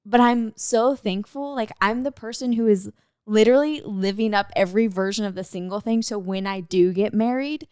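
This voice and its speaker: A woman's voice: mid-range voice, moderate pace, smooth, dry recording, studio quality. A young woman hosting a podcast, chatting casually and upbeat about dating and being single. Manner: upbeat, animated storytelling. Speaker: podcast host. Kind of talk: casual chat.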